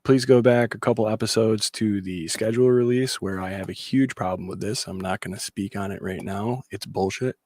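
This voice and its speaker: A man's voice: on the low side, brisk, few pauses, darkish tone, no room sound. A man co-hosting a casual sports panel podcast, giving blunt opinions and reading out viewer comments. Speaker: podcast co-host.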